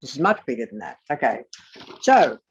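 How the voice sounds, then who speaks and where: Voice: mid-range voice, very animated, brisk, husky. A tarot teacher giving a rambling esoteric lecture, swearing casually and drifting into muttered asides. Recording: dull lo-fi dry recording.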